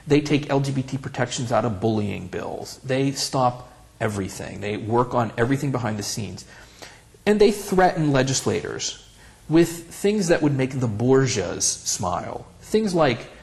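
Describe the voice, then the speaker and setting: A middle-aged man in an oral history interview, telling candid stories with a wry, animated manner and acting out the quotes. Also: mid-range voice, vocal fry. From Central Pennsylvania. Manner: wry, animated, acts out quotes when storytelling. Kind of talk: candid conversational storytelling.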